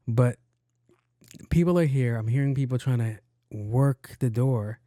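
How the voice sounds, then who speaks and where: A man hosts his podcast and spins a story in a loose, profane style, slipping into the voices of the people in it. His voice is mellow and warm. The sound is dry and close, with no room echo. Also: medium pitch, a little fast. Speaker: podcast host. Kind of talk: casual storytelling.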